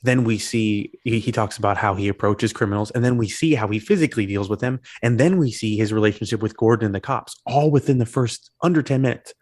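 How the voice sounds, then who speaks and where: A man co-hosting a casual film podcast, explaining his points eagerly and quickly. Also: fairly low pitch, dry recording, studio quality. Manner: animated, quick explaining, demonstrates voices. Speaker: podcast co-host.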